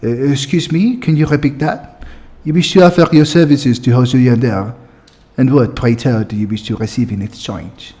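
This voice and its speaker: A haughty, snobbish male noble speaks in a thick, affected French accent, as a man puts it on. The voice sits at an ordinary middle pitch. The put-on accent is playful and deliberately overdone. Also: warm tone, natural voice.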